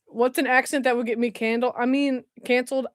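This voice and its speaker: A woman's voice: high-pitched, little pitch movement, brisk, no echo, clean studio sound. Bubbly woman streamer. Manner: bubbly, laughs often, self-mocking. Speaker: livestream host. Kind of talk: casual live chat.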